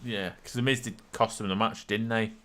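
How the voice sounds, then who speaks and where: A man's voice: lowish voice, steady tone, moderate pace, a bit bright. A laid-back man co-hosting a casual chat, mostly giving short replies. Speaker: podcast co-host.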